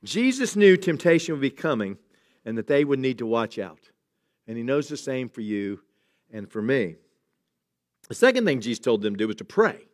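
A man's voice: medium pitch, big pitch swings, normal speed, long pauses. A middle-aged man, a pastor, giving a sermon in a conversational way, with humorous asides and emphatic exclamations.

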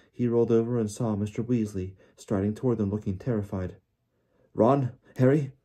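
A man narrating an audiobook in a measured, deliberate reading. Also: fairly low pitch, dark tone, breathy edge. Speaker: audiobook reader.

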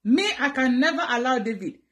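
A woman with a Ghanaian accent on a live stream, answering viewer comments in an animated, dramatic way and switching between two languages. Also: high voice, a little fast.

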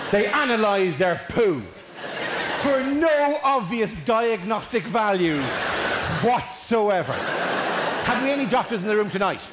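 High-voiced man doing mocking stand-up. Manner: mocking, animated storytelling. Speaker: stand-up comedian. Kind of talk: stand-up routine. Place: live comedy venue with audience. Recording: echoey hall with audience noise.

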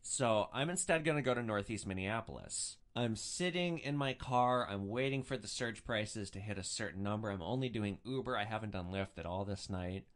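A man's voice: lowish voice, normal speed, hardly any pauses. A young man hosting a podcast, telling stories casually, with a profane, wry streak. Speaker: podcast host. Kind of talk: casual storytelling.

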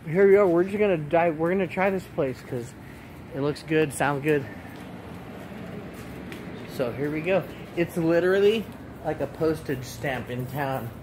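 A man's voice: on the high side, unhurried, long pauses. A man casually vlogging outdoors at a small food stand, chatty and joking as he films with a handheld phone. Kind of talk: casual vlog narration. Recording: outdoor traffic noise.

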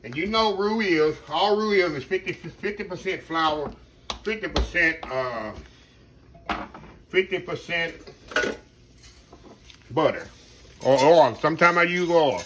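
A man's voice: fairly high pitch, lively intonation, unhurried, long pauses, fairly bright tone, a little hiss or hum. Folksy man teaching a recipe. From Texas. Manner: folksy, rambling, addresses viewers as y'all. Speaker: home cook host. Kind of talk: casual cooking demonstration.

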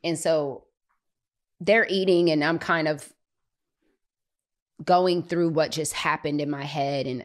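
A woman, telling a personal faith story on a podcast in a lively, conversational way. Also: deep voice, takes it slowly, long pauses. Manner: animated, acts out children's voices, laughs often. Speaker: podcast host.

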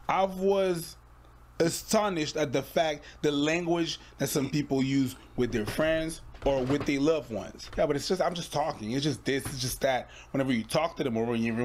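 A man's voice: on the high side, animated, moderate pace, slight background noise. A man co-hosting a casual reaction show, rambling in slang.

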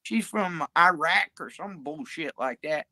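A woman's voice: deep voice, measured pace, pushed and bright, no room sound. A woman livestreaming, talking in a crude, profane, drawling ramble.

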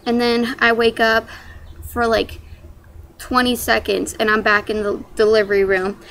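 A woman's voice: a little high, completely flat delivery, unhurried, fairly bright tone, a little hiss or hum. A young woman casually telling a personal story in a vlog, rambling with many "like" and "um" fillers. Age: young adult. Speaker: young mother telling her birth story.

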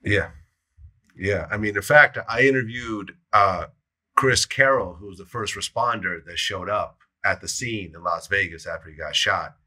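A man hosting an interview, recounting stories in a measured way. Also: lowish voice, sharp tone. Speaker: interviewer host. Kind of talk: interview chat and storytelling.

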